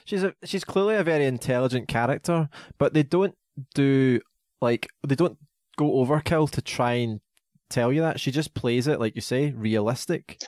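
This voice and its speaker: A man's voice: mid-range voice, normal speed, a little mellow, no room sound, studio quality. A man, co-hosting a casual film chat, enthusiastic and laughing often. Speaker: podcast co-host.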